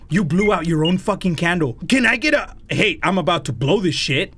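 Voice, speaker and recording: A young man calls out a horror game in a high, bright voice that swings wildly up and down. He is loud and jumpy, cursing constantly and tossing in Spanish exclamations between his English commentary. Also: expressive, brisk, few pauses. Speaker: gaming YouTuber. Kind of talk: let's-play commentary.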